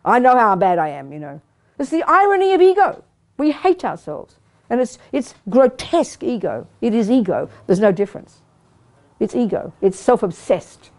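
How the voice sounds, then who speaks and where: A woman's voice: fairly high pitch, sing-song, moderate pace, darkish tone. A woman giving a Buddhist teaching talk to a study group, blunt and emphatic, now and then acting out the inner voices she describes. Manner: acts out quoted inner voices.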